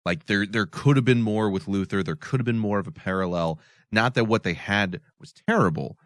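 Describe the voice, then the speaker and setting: A man with a low-pitched voice talks through a TV episode as a podcast co-host, loose and conversational. He explains at length and circles back to restart his points. The sound is dry and close, with no room around him. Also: brisk, dry recording. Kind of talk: casual episode discussion.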